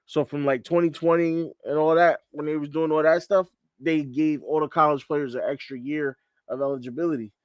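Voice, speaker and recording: A man from Connecticut with a slightly high voice hosts a casual sports chat show as a podcast host, easygoing, laughing often, and repeating himself. The livestream's studio mic gives clean sound with no echo.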